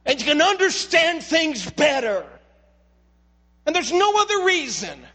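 A man's voice: very high voice, big pitch swings, measured pace, bright, forceful tone. A lead pastor preaching an impassioned sermon in a church, earnestly repeating words as he builds and appealing straight to his listeners. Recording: long reverb of a large hall.

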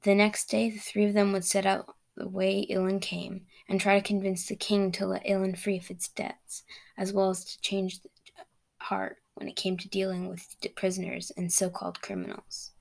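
With a gravelly fry running through her mid-pitched voice, a young woman narrates her original fantasy story for her podcast. She reads at a normal speed, steady and casual.

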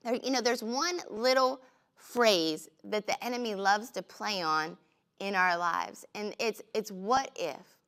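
A woman with a bright, clear tone leads a relaxed devotional talk. She speaks casually, with plenty of fillers, and weaves in humorous personal stories. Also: medium pitch, measured pace. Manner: chatty, storytelling with humor. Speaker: devotional teacher. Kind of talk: conversational devotional teaching.

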